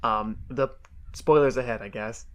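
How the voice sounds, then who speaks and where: A woman's voice: very deep voice, measured pace. A woman co-hosting a podcast, chatting casually and animatedly, laughing often. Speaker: podcast co-host. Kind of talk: casual chat.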